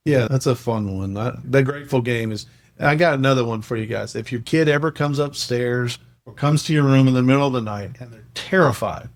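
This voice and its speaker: A middle-aged man on a podcast speaks in a mid-range voice and tells a family story in an earnest, animated way. He acts out each exchange of the dialogue as he goes. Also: medium pitch, a little fast. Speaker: podcast host sharing a coaching program. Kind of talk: casual podcast chat, storytelling.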